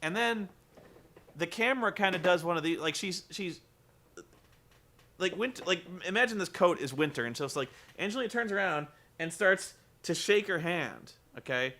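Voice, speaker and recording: Animated joking male podcast host. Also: high voice, moderate pace. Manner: animated, joking, swears freely. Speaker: podcast host recapping wrestling. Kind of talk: casual chat.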